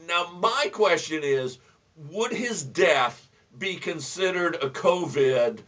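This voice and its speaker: A man hosting a casual show, telling jokes with many restarts and stammers, and dropping low and quiet when he tells a story. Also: lively intonation, slow, distant mic. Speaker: podcast host. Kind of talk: casual joke-telling chat.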